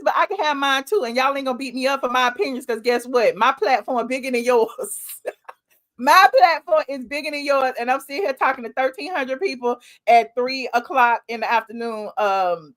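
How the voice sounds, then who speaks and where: A woman's voice: high voice, moderate pace, a bit bright. A woman hosting a live-stream commentary show, talking in a sassy, emphatic way straight to her viewers.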